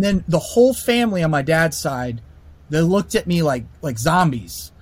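A man telling a personal story casually, animated and full of fillers and restarts. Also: fairly high pitch, moderate pace, dry recording.

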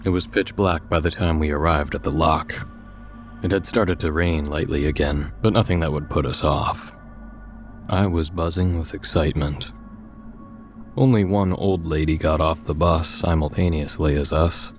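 Over quiet background music, a narrator whose voice is remarkably deep and low delivers a first-person tale from a script. His reading stays even and measured throughout.

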